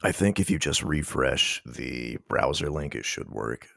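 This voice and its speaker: A man's voice: very deep voice, lively intonation, a little slow, vocal fry, a bit bright, dry recording. A man with a just-woken-up voice chatting on a stream call, joking with dry wit and wordy phrasing. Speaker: guest co-streamer. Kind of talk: casual chat.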